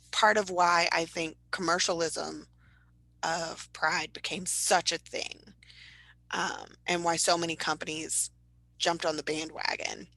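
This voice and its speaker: Young woman cohosting a chatty podcast, kinda gravelly, lowish voice, bright, dry close mic, jumps into high silly voices mid-story. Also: dry recording, poor audio. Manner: animated storytelling with sudden high-pitched impressions. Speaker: podcast co-host. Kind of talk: casual chat.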